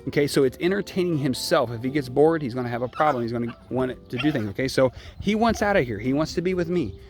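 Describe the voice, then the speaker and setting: A dog trainer, a man, talks through a training session outdoors beside a puppy pen. His voice sits at an ordinary middle pitch, and he keeps pausing to ask "okay?". Faint music plays behind him, and a puppy barks now and then. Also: expressive. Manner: explains step by step, often adding a checking "okay?". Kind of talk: casual filmed training demonstration.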